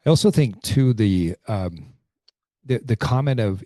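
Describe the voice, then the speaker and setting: Husky low-voiced man in his forties. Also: a little slow, dry recording, clean studio sound. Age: 40s. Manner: reflective, animated, with many restarts and fillers. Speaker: podcast host. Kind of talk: casual interview conversation.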